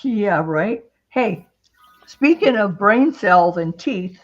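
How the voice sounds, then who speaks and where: Husky lady telling stories with lots of laughs, voice jumps around, kinda muffled audio. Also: medium pitch, takes it slowly. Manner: animated storyteller, laughs often. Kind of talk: casual chat. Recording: dull lo-fi stream audio.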